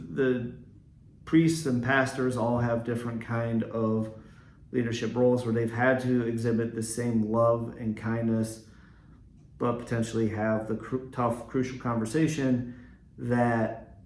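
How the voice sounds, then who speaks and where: A man hosting a reflective solo podcast on leadership, speaking earnestly and at a measured pace, with frequent ums and restarts. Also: lowish voice, a little mellow, echoey room, a little hiss or hum. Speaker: podcast host, Catholic school leader.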